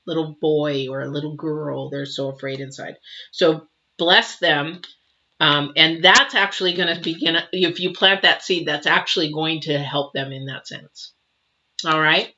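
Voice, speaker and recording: A woman's voice: low-pitched, fairly even intonation, measured pace, sharp tone. A woman giving a live tarot reading and answering viewers, emotive and chatty with many fillers and restarts. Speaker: tarot reader. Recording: dull lo-fi sound.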